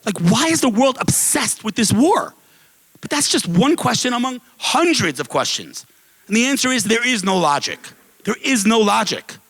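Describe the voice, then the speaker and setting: A man giving an impassioned speech to a live audience at an event, telling stories and asking rhetorical questions in a casual, animated way. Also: very high voice, moderate pace, breathy edge, rough recording. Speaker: guest speaker at an advocacy event. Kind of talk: impassioned public speech with storytelling.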